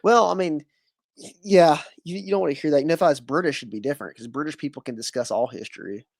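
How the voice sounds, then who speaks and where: A man's voice: on the high side, fast, gravelly, no room sound, clean studio sound. A man with a Southern US accent hosting a casual podcast interview, rambling with lots of fillers and restarts. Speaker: podcast host.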